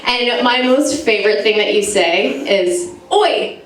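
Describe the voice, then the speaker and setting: A woman's voice: medium pitch, measured pace, distant mic, slight background noise. An American woman in her thirties performing a chatty, self-mocking stand-up set in front of a live audience. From United States. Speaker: stand-up comedian. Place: live comedy venue with audience. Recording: echoey room, mic heard from afar, crowd laughter.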